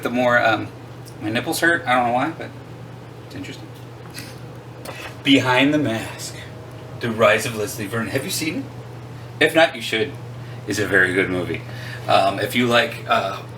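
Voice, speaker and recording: A man's voice: medium pitch, bright, forceful tone, recorded from a distance, a little hiss or hum, low-quality recording. A man in his forties casually chatting as host, showing off his collection at home, enthusiastic and rambling with self-deprecating asides. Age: 40s. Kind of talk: casual chat. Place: home room with arcade cabinets.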